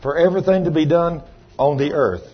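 Folksy preacher with a husky voice. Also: male voice, on the high side, fairly quick, muffled recording. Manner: folksy, calls on congregation members by name. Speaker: pastor. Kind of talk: sermon. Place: church.

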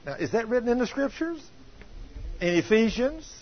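A preacher with a high, husky voice delivers an animated sermon in church. He fires questions at the congregation and swings from low asides to loud bursts. The recording is dull and lo-fi. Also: normal speed.

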